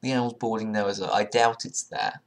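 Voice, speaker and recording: Low gravelly man muttering quiz answers. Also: fairly even intonation, quick pace. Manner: sarcastic, swears often, sudden loud outbursts; thinks aloud, muttering guesses. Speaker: video creator. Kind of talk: casual commentary while taking an online quiz.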